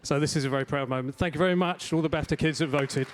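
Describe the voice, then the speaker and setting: Halting man accepting an award. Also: on the high side. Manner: halting, many ums, proud. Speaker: award winner for a game team. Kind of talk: acceptance speech. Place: large hall at an awards ceremony. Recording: long hall reverb.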